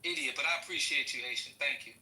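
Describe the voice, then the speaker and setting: A man's voice: medium pitch, fast talker, pushed and bright. A man in a heated casual chat, exasperated and profane, stammering through many restarts. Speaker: participant in an online political chat room. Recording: distant mic in a roomy space.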